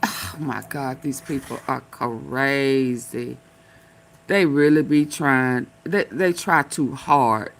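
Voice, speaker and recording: A woman's voice: very deep voice, slow pace, vocal fry. A woman hosting a casual live stream, talking back at video clips with sassy, loose slang.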